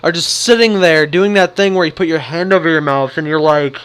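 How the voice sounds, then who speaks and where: A young man vlogging a casual story, animated and acting out what people said. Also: fairly high pitch, a little fast, clean tone. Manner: animated, acts out the quotes.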